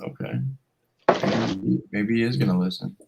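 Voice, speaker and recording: A man's voice: lowish voice, measured pace, creaky, very noisy. A man in casual online chat, venting in a heated, profane way.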